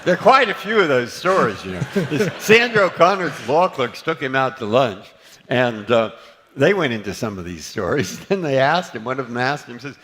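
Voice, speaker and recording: A man's voice: mid-range voice, very animated, moderate pace, fairly bright tone. An older man, a guest author, tells anecdotes onstage in a rambling way with many restarts and self-corrections. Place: event hall before a live audience. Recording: long hall reverb.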